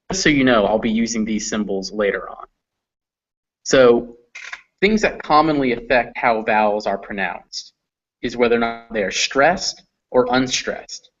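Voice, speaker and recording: A man teaches English vowel sounds at an unhurried, deliberate pace, pausing on each example word. His voice sits in a middle register. The audio is dull and lo-fi. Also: medium pitch, a bit bright. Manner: patient, spells out example words one by one. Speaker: English pronunciation tutor. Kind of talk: slow explanatory teaching. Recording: muffled lo-fi audio.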